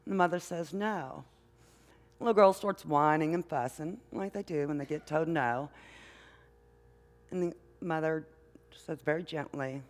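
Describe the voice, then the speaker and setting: An older woman, a mother and grandmother, preaching a sermon in a church with an unhurried, conversational manner, often asking the congregation questions. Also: low-pitched. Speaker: minister. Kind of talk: sermon with storytelling. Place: church sanctuary. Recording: long hall reverb.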